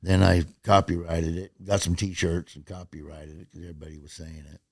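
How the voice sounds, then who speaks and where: Middle-aged male comedian, gravelly voice, dry close mic, lively storyteller who acts out the voices. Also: low-pitched, brisk, dry recording. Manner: animated, acts out quoted voices and laughs at his own stories. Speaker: podcast guest, comedian. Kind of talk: casual storytelling chat.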